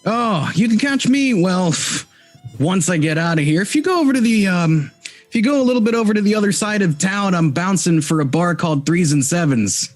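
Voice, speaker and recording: A man voicing a jovial male half-orc bouncer in a tabletop game, talking high and quick. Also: expressive, soft background music. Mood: eager.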